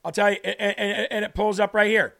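A man with a raspy, bullfrog-like voice talks in a loose, rambling way as he hosts his show. His voice sits high for a man and has a gravelly, fry-filled edge. He addresses his viewers casually and drifts from one point to the next. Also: level tone, fairly quick, fairly bright tone. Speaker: host. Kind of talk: casual livestream talk.

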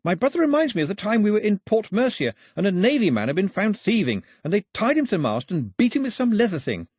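A cheerful young island man, eager and talkative, as a man reading a storybook raises his voice for him. The tone is bright in spirit, pitched well above the reader's own, with a husky grain. It is recorded dry. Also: very animated, fast, no echo, heavily acted.

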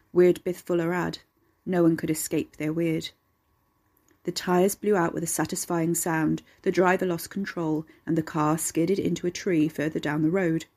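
A woman narrates a dark storybook tale with a steady, measured reading. Her voice is low in pitch and husky in texture, keeping an even storytelling pull.

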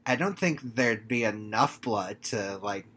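A woman guest on a casual podcast, chiming in with relaxed comments. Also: a bass voice, unhurried, slightly rough. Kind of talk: casual chat.

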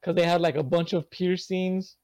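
A young man with a somewhat high voice chats on a casual podcast. He rambles through his stories, swearing constantly. The sound is close and dry. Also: little pitch movement, normal speed, a little mellow, no echo. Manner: rambling storyteller, swears a lot. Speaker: podcast co-host.

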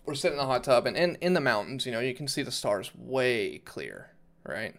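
A man's voice: mid-range voice, very animated, fairly quick, vocal fry. A young man on a casual podcast, telling loose, profane stories full of fillers. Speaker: podcast co-host. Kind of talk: casual chat.

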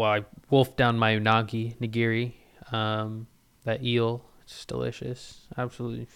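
Slow, smooth-voiced man rambling. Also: medium pitch, fairly bright tone. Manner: rambling, filler-heavy, slangy. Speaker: podcast host. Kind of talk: casual solo podcast chat.

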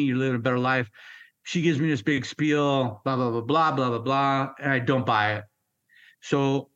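A man's voice: mid-range voice, a bit bright, muffled recording. A middle-aged man, a Marine veteran, telling war stories bluntly in an interview, swearing and acting out the dialogue. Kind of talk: storytelling interview.

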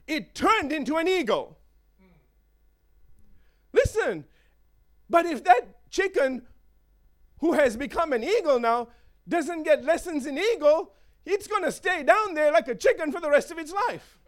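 A man preaching a sermon in an animated way, with joking asides and chuckles. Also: extremely high pitch, measured pace, pauses often.

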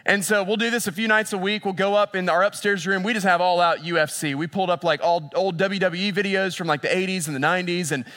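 A man preaching a sermon as a pastor. He moves between lively storytelling and hushed, intense passages, and repeats phrases for emphasis. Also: high-pitched, fast, hardly any pauses.

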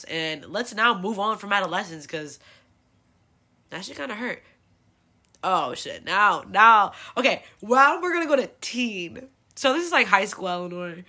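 Woman, 20s, from California, podcast host. Confessional, profane, filler-heavy storyteller with a low, bright voice. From El Sobrante, California.

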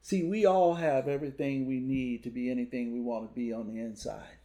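A man's voice: medium pitch, fairly even intonation, fairly quick, warm tone. A man who speaks at schools, talking in a podcast chat with punchy repeated lines and storytelling. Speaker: motivational speaker. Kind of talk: podcast conversation.

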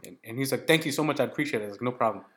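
A man co-hosting a podcast, telling a story in casual chat, swearing freely and breaking into high laughter. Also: very fast. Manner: swearing, animated retelling with bursts of high laughter. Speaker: podcast co-host.

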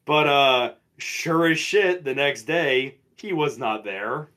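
Casting: twenties guy, podcast co-host, loose profane storyteller, middling pitch. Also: slow. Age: 20s. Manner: profane, animated, mimics people in stories. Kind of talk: casual storytelling chat.

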